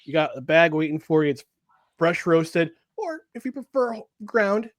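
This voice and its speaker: A man's voice: fairly high pitch, big pitch swings, normal speed, dry recording. A man co-hosting a podcast, reading a sponsor plug in an upbeat, joking way. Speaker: podcast co-host. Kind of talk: casual chat with an ad read.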